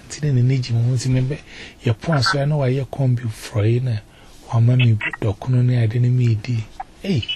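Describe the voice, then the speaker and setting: A man tells his testimony at an easy, rambling pace. He repeats words and slips English into his speech at a mid pitch. Faint ambient noise hums behind him. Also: darkish tone. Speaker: testimony giver. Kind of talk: spoken personal testimony.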